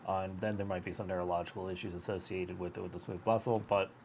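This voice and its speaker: A man's voice: sits low, little pitch movement, fast, gravelly, darkish tone, slightly rough. A man co-hosting a podcast while congested with a cold, giving direct and practical explanations in casual chat. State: congested, sick. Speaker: podcast co-host.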